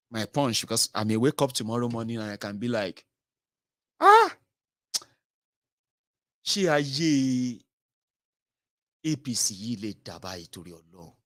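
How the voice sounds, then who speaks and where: A Nigerian man hosts his own political commentary show, talking in a mocking, animated monologue. He moves freely between English, Pidgin and Yoruba. His mid-pitched voice sits close and dry, with no room sound. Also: no room sound.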